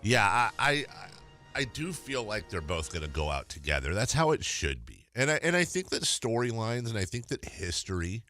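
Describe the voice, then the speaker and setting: A man's voice: fairly low pitch, big pitch swings, normal speed, bright, forceful tone, soft background music. A man hosting a sports radio show, talking casually and laughing often.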